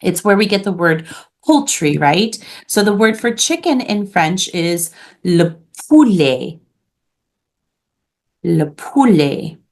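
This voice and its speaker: Slow-spoken woman teaching a class. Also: mid-range voice, animated. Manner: patient, clear modeling of pronunciation. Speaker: French teacher. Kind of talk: online classroom lesson.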